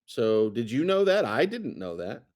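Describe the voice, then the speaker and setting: A man's voice: medium pitch, big pitch swings, normal speed, a little mellow. A man co-hosting a casual chat, talking in a rambling way with many fillers and restarts. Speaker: co-host.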